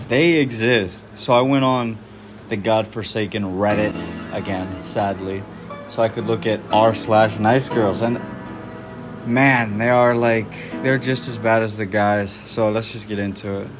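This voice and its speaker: A man's voice: on the low side, steady tone, unhurried, over music. A man doing casual reaction commentary, blunt and slangy, swearing freely. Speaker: online commentator.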